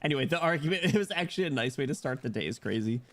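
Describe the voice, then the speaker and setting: Excitable streamer with swooping voice. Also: male voice, on the high side, very fast. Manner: excitable, loud reactive outbursts, swearing. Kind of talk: casual game stream commentary. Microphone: headset.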